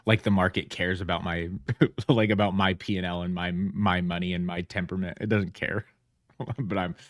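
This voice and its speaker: A man's voice: low voice, level tone, a little fast, no room sound, studio quality. A man chatting casually on a trading livestream, rambling and self-mocking, laughing often as he talks. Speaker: livestream trader.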